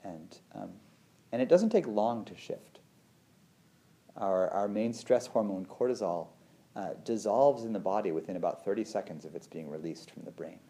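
A man speaks in a low, warm voice, talking through feelings and the nervous system like a meditation teacher. He is conversational, full of "like" and restarts. He jumps up in pitch when he acts out what his inner voice says. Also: lively intonation, normal speed. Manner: conversational, many fillers and restarts.

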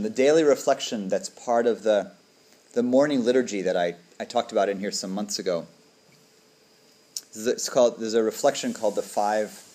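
A man's voice: fairly low pitch, warm tone. A man, a dharma teacher, giving a reflective, conversational talk to a group and often asking "right?".

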